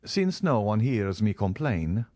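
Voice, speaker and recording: A man's voice: fairly low pitch, big pitch swings, unhurried, a little mellow, dry recording, clean studio sound. A man reading the part of a reserved, formal nobleman in an audiobook, cool and restrained. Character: reserved, guarded nobleman, middle-aged.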